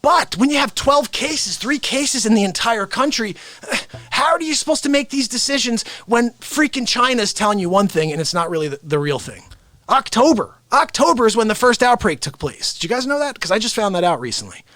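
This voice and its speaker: A man hosting a live stream, an impressionist talking in a rambling, animated way straight to his viewers. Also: very high-pitched, fairly quick, dry recording. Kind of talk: casual live-stream rant.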